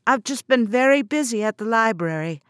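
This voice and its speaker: A woman's voice: on the high side, animated, a little fast, fairly bright tone, smooth, dry recording, studio quality. A woman doing an earnest young librarian.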